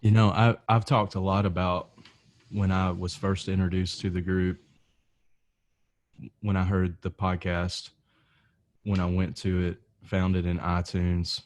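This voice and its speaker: Deep-voiced male podcast host. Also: little pitch movement, unhurried, long pauses. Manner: reflective, restarts phrases while thinking. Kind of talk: casual interview talk.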